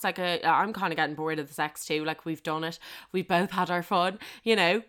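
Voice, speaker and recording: A young woman spins a cheeky, swear-filled tale from her own life, laughing at herself as she goes. Her voice sits fairly low for a woman, and it comes through smooth and clear. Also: fairly even intonation, fairly quick, a bit bright. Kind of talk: frank comic storytelling.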